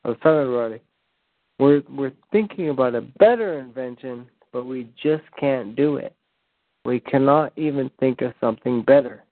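A man's voice: medium pitch, normal speed, dry recording. Rambling man on a tinny call. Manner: rambling, stammering restarts. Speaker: prank call host. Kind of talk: casual chat on a voice call. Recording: tinny phone-like call audio, dry.

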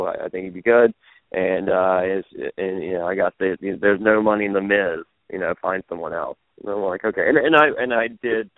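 A man with a low-set voice tells stories in a loose, animated way, jumping up in pitch whenever he acts out what others said. The sound is thin and phone-like, with a dry, close feel and no room around it. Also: no room sound. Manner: animated, laughing, acts out quotes in raised voices. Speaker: interview guest, former wrestling manager. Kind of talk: casual storytelling in an interview. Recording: tinny phone-like line, dry.

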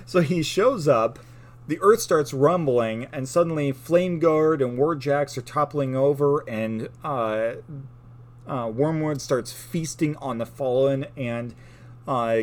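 A man's voice: mid-range voice, measured pace. Man animatedly retelling lore. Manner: animated storytelling, laughs often. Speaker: podcast co-host. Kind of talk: casual lore chat.

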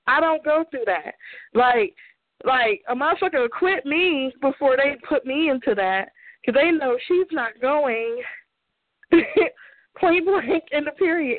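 Over a dry, tinny phone-like line, a high-pitched woman co-hosts a talk show, ranting bluntly about her opinions. She swears freely and laughs often throughout this casual podcast rant.

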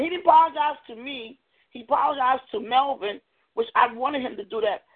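Woman guest speaker, earnest halting testimony, fairly high voice, phone-line sound. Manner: earnest, halting, with frequent restarts. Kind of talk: personal testimony sermon. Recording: tinny phone-like audio.

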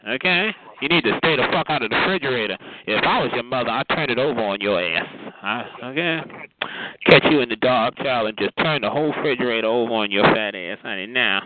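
A man on a chat line, talking at a mid pitch with a sassy, trash-talking manner and drawn-out insults. His voice comes through a tinny phone connection. Steady hiss and noise sit under every word.

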